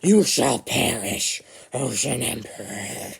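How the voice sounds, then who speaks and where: Ancient raspy sea lord, vengeful and undead, as voiced by a man, slow and drawn out in a told story. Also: mid-range voice, expressive, exaggerated voice. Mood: menacing.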